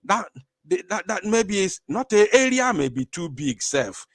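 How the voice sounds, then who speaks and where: Male stream host, lively swooping delivery, slightly high voice, rambles and addresses viewers. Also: slow pace, no room sound, studio quality. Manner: animated, rambling, speaks to viewers. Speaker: online show host. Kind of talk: live-stream commentary.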